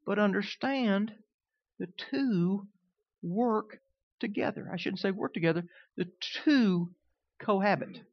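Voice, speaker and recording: A man preaching as a pastor, swinging between loud, emphatic lines and quiet, conversational asides. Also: sits high, slow, no room sound, muffled recording. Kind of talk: sermon.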